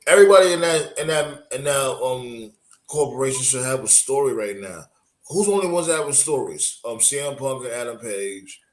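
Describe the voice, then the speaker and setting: A man's voice: medium pitch, expressive, normal speed. A man chatting casually as a show co-host. His voice rings in a roomy, echoey space. He talks with coarse slang and stops often to say um. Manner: coarse slang, filler-heavy. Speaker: podcast co-host. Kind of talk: casual chat.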